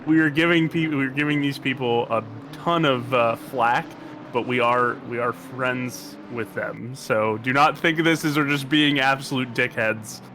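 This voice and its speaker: A man's voice: mid-range voice, fairly even intonation, bright, forceful tone. A man with an American accent giving casual, joking commentary on a sim race. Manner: jokey, rambling, quick to banter. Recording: noisy stream audio.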